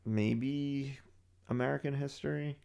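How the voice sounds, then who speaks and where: A man's voice: mid-range voice, steady tone, slow pace, gravelly, a loud crowd. A man co-hosting a casual podcast, rambling through chat and listener emails with lots of fillers. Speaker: podcast co-host.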